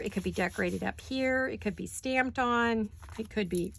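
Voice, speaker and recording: A woman's voice: mid-range voice, moderate pace, gravelly, fairly bright tone. A middle-aged woman hosting a crafting video, chatting casually and laughing easily as she reminisces and works in her home studio.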